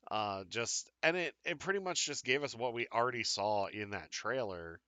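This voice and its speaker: A man's voice: mid-range voice, lively intonation, moderate pace, pushed and bright, smooth, no room sound. A man co-hosting a live fan talk show, chatting casually with frequent fillers and restarts. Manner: rambling, many fillers and restarts. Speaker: podcast co-host. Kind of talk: casual live-stream chat.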